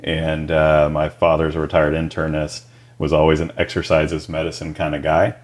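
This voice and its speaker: Man, very low voice, podcast guest, relaxed, agreeable. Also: moderate pace. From Texas. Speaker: guest, company founder. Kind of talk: podcast interview.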